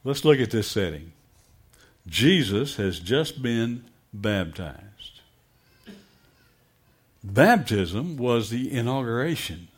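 A man's voice: mid-range voice, slightly rough. A middle-aged pastor preaching a sermon, emphatic and asking his congregation direct questions.

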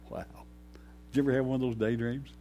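A man preaching a sermon slowly and emphatically, pausing often and rising to sudden loud peaks. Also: mid-range voice, flat delivery, faint music behind. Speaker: pastor.

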